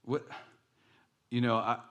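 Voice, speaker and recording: A man's voice: medium pitch, little pitch movement, takes it slowly, fairly bright tone. A man preaching a sermon as pastor, telling stories animatedly with self-deprecating jokes.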